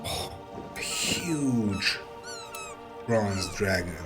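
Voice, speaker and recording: A man running a tabletop game as game master, narrating in a low voice at a very slow, unhurried pace. He often stumbles and repeats words as he paints the scene. Music plays clearly behind him. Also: huge pitch swings, rough recording. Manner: halting, repeats words, vivid description.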